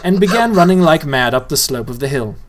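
A playful storyteller reading a novel aloud and speaking straight to the listener. The voice rises and falls with lively, musical phrasing. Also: mid-range voice, brisk, background noise.

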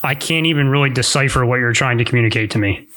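A man's voice: mid-range voice, fast, sharp tone, slight background noise. A man teasing his co-host in joking, casual banter over a remote video call. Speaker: podcast co-host. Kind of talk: casual chat.

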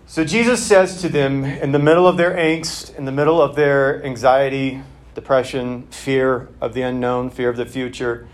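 A man's voice: medium pitch, steady tone, moderate pace. A male pastor giving a conversational sermon in a church, talking plainly with casual fillers.

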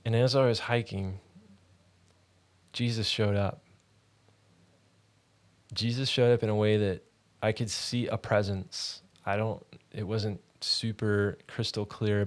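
Hosting a ministry podcast, a man speaks in a fairly low voice, recounting his own faith testimony. His delivery is earnest and conversational, with frequent halts.

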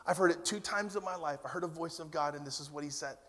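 A man in his fifties preaching a sermon, telling stories that move between loud and hushed. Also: a little high, fast talker. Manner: storytelling, swings from loud to hushed. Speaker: pastor. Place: church hall. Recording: long church reverb.

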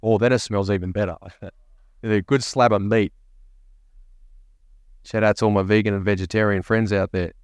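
A man's voice: fairly low pitch, steady tone, moderate pace, long pauses, dry recording. A man preaching a sermon as a pastor, repeating key phrases and asking rising questions. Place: church.

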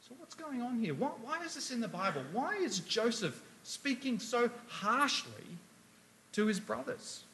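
A man's voice: extremely high pitch, sing-song, unhurried, sharp tone, slight background noise. A man preaching a sermon, emphatic, asking rhetorical questions and reading scripture aloud.

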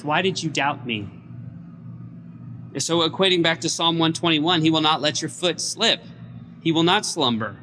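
A man preaching a midweek sermon as pastor, retelling a scripture story in a lively, conversational way. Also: a little high, big-room sound, a little hiss or hum, poor audio. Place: church during a midweek service.

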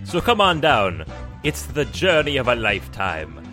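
A man playing the Grim Reaper turns cheerful salesman, pushing a holiday in a put-on Jamaican accent. The pitch bounces high and lively like a mock radio spot. A faint bed of music sits underneath. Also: moderate pace. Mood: salesy cheerful.

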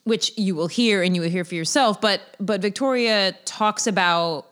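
A woman co-hosting a casual podcast, joking and cutting in with quick asides. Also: medium pitch, a bit bright. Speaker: podcast co-host.

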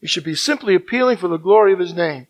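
A man preaching a sermon, swinging from loud emphatic declarations to hushed, near-whispered passages and repeating key phrases. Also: high voice, expressive, fast talker, poor audio. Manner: emphatic repetition.

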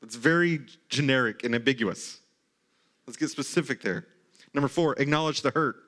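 A man in his thirties preaching a sermon in a church, talking in a conversational way with animated, mock-incredulous asides. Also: mid-range voice, normal speed. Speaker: pastor. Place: church sanctuary.

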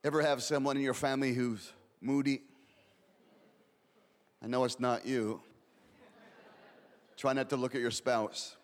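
A man's voice: mid-range voice, steady tone, measured pace, pauses often, big-room sound. A man preaching a sermon with passion, repeating words and building in rising waves.

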